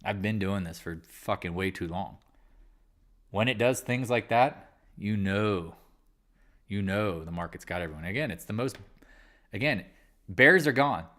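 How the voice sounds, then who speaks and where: A man's voice: lowish voice, animated, a little slow, pauses often, a bit bright. A man hosting a live market chat, talking candidly and rambling, with casual swearing. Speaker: livestream trading host.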